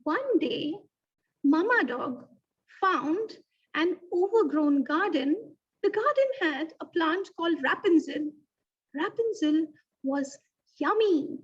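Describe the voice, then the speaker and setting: A woman teaching an online lesson to young children, in an animated, sing-song teacher voice that slows to stress key words. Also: extremely high pitch. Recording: distant, dull lo-fi sound.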